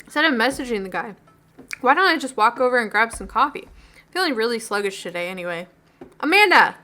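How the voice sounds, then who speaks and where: Bright-voiced woman chatting over a game. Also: on the high side, lively intonation, fast talker. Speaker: let's play streamer. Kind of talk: casual game commentary.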